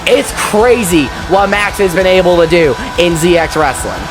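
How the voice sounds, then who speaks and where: A man giving casual, excitable wrestling commentary, chatty and quick to swear. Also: sits high, music in the background.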